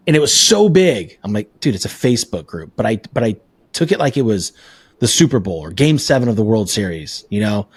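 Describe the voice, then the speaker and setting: A man's voice: on the low side, a little mellow, no echo. A man hosting a podcast, talking earnestly in a casual conversational way and telling stories with filler words. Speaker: podcast host.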